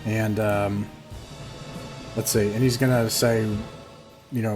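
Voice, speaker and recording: Game master, man, low voice, halting online narration with music under it. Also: flat delivery. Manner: halting, many fillers and restarts.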